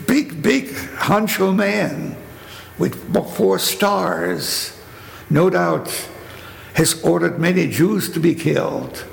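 An older man from Germany with a German accent, telling his survival story in a spoken testimony with vivid storytelling and rhetorical questions. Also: on the high side. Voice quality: gravelly. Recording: echoey hall with faint noise.

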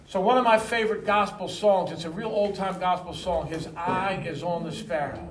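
A pastor preaches to his congregation in a high voice at normal speed with few pauses, reading verses and leading call-and-response. He is recorded from far off in an echoey hall.

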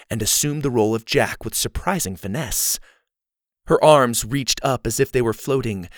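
A man narrating a children's story in an expressive, lively reading. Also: medium pitch, no room sound, clean studio sound.

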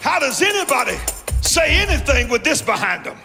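High-voiced, shouting male preacher. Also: big pitch swings, brisk, creaky. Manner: shouting, call-and-response preaching. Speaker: guest preacher. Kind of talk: sermon. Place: large church hall. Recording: long church reverb with music.

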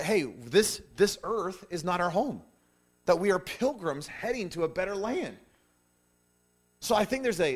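A middle-aged man preaching a sermon, animated, with frequent restarts and "hey" asides as he explains scripture. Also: high voice. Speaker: pastor.

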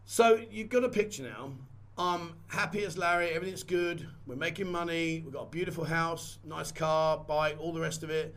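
Man vlogger, fairly high-pitched voice, candid, rambling storytelling, to camera. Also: moderate pace, a bit bright. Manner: candid, rambling, repeats phrases. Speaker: vlogger and photographer. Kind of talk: casual personal storytelling.

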